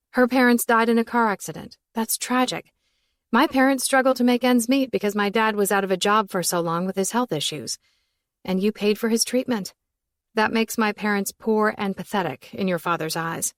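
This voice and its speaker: A woman's voice: mid-range voice, normal speed, no room sound, clean studio sound. A young woman reading a first-person romance audiobook, with a wry, sarcastic narrating voice.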